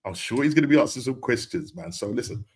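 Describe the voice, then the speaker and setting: A man's voice: medium pitch, animated, fast, darkish tone, slightly rough. A man hosting a casual football podcast live stream, upbeat and chatty, repeating phrases and often laughing. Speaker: podcast host.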